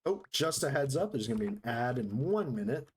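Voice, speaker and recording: A man's voice: mid-range voice, big pitch swings, brisk, a little mellow, a little hiss or hum. A man streaming himself playing a building game, chatting casually to viewers as he plays. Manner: chatty, talks to chat while building. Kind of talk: casual live-stream gameplay commentary.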